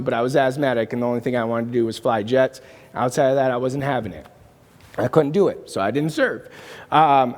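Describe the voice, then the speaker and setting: A man preaching a sermon, telling a personal story in an earnest, emphatic way. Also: on the high side. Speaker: pastor. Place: church auditorium. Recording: long hall reverb.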